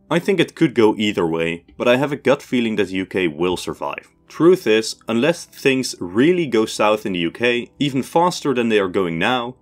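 A man in his twenties with a Dutch accent, hosting a history channel and reading out viewer questions and his answers in a measured, scripted way. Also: on the low side. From Netherlands. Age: 20s. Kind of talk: scripted Q&A narration.

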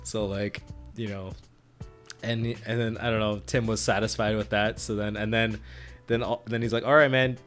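A man's voice: lowish voice, level tone, normal speed, faint music behind. A man co-hosting a podcast, recapping a tabletop game in casual chat, laughing often and rambling with lots of fillers. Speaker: podcast co-host and player.

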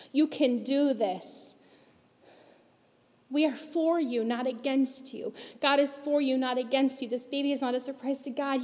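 A woman speaking to a congregation with raw emotion and urgent emphasis, her voice sitting fairly high. The sound rings out with a long reverb from a large church auditorium. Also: darkish tone. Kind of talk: impassioned talk to a congregation.

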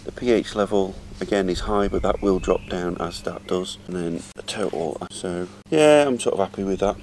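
A middle-aged man vlogs from beside the hot tub in his back garden, talking loosely to a handheld camera as he gets on with chores. He has a deep, slightly mellow voice at a moderate pace, with faint hiss or hum on the audio.

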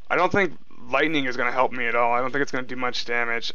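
A young man commentating a game he is playing, casual and excitable, with frustrated outbursts. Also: mid-range voice, quick pace, hardly any pauses, muffled recording. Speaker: let's play host. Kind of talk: gameplay commentary.

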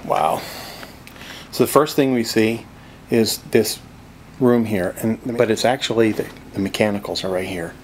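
Here a man with a fairly low pitch talks at a measured pace over slight background noise. Walking the viewer around a creekside cabin, the real estate vlogger stays chatty and excited outdoors, then slips into soft whispers inside the log cabin.

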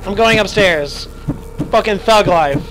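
High bright young man streaming, hoarse. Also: measured pace, a little hiss or hum, poor audio. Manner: chatty, yelps and swears at scares. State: losing his voice, stuffy nose. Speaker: streamer playing a horror game. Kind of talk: live gaming commentary.

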